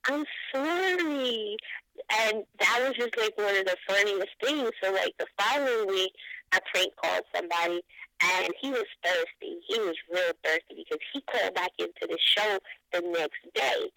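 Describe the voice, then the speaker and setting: A middle-aged woman, a radio show guest, telling profane, animated stories in a casual interview. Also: mid-range voice, moderate pace, creaky, dry recording, rough recording.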